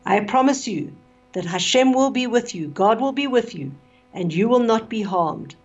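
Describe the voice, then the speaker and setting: A woman voicing a dead mother speaking softly and soothingly from her grave, on a dull lo-fi radio recording. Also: fairly high pitch, lively intonation, normal speed, husky. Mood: consoling. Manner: still, soothing.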